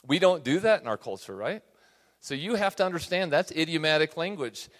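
A man's voice: fairly high pitch, lively intonation, a little fast, fairly bright tone. A man teaching a Bible study class in a conversational way, often checking in with his listeners. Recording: reverberant hall.

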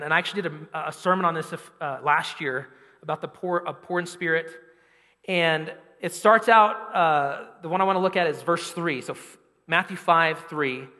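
A man in his thirties preaching a sermon in a conversational, animated way, acting out quotes. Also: high voice, long reverb tail. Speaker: pastor.

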